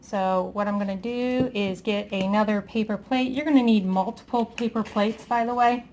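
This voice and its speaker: A woman's voice: mid-range voice, steady tone, normal speed, darkish tone, a little hiss or hum. A woman chatting casually through a craft tutorial, talking to herself as she works, self-deprecating and a little out of breath.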